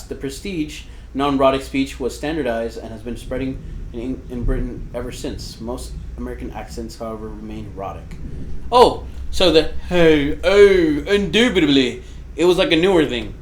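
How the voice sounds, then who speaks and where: A man's voice: medium pitch, slight background noise. A young man from Florida with a Miami accent, co-hosting a casual podcast chat and rambling through what he reads aloud. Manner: rambling, reads aloud and slips into mock voices. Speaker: podcast co-host.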